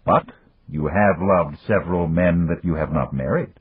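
A man with a very husky voice playing a cold, domineering older father in an audiobook, stern and commanding. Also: low voice, moderate pace. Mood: scolding. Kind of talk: audiobook character voice. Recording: dry, tinny phone-like audio.

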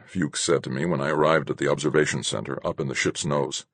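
A man narrating a first-person story in a measured, even storytelling voice. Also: extremely low pitch, breathy edge, dry recording. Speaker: audiobook narrator.

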